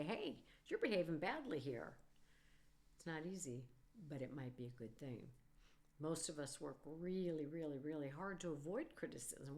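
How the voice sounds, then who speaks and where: A middle-aged woman hosting a podcast, talking earnestly and warmly through advice and stories from her own life. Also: fairly low pitch. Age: middle-aged or older. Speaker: podcast host, psychologist. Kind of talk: casual solo podcast talk.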